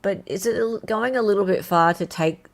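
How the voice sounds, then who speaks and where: A woman hosting a casual livestream, chatting and reading viewer comments aloud in an animated way. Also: mid-range voice, moderate pace. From Australia. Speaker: host.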